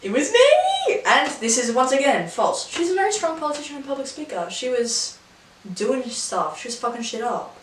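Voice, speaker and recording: A woman's voice: sits high, expressive, fairly quick, distant mic, slight background noise. A chatty Australian woman hosting a quiz video, with wry commentary that often swears. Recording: echoey room, mic set back.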